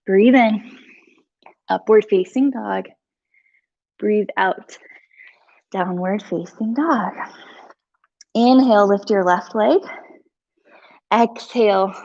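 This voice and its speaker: A woman instructor leading a live yoga flow, giving calm breath cues with chatty asides, a little out of breath. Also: fairly high pitch, dull audio. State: slightly out of breath. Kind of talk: live yoga class cueing.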